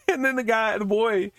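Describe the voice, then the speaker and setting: A man's voice: sits high, fairly bright tone, no echo. A man hosting a podcast, casually recapping a horror movie with frequent laughter and swearing, acting out the characters' lines. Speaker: podcast host reviewing a movie.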